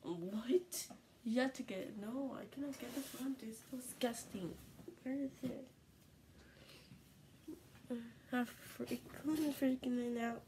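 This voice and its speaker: A woman vlogging in casual, excitable chatter, pleading and dropping into whispers. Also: fairly high pitch, unhurried, a little hiss or hum, rough recording.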